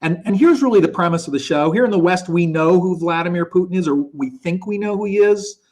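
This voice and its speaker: A man with a slightly raised pitch hosts a live online show in easy, chatty speech. He thinks aloud as he goes, keeping it casual. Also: a little fast, a little mellow. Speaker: show host. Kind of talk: casual live-stream hosting. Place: Poland. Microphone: video call.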